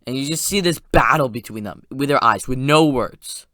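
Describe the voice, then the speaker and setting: A man excitedly recapping a movie's plot in a casual, rambling spoiler review, with quick asides. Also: mid-range voice, no room sound, studio quality.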